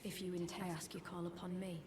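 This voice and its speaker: A woman's voice: lowish voice, little pitch movement, fast talker, close to an everyday voice. A woman voicing a proud, noble young female warrior in a video game, speaking in a formal, stately way. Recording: game audio under background noise.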